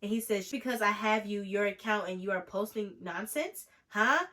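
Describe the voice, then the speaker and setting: Young woman, vlogger, storytime, sarcastic, animated, mid pitch. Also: normal speed. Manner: animated, sarcastic, jumps into mocking quoted voices. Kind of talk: storytime vlog.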